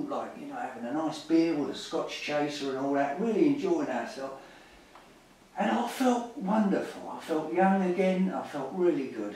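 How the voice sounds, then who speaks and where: A man's voice: mid-range voice, darkish tone. Older man in an echoey room. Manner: rambling, with trailing hesitations. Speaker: patient. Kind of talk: candid conversation. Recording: echoey room, mic far off, faint hiss.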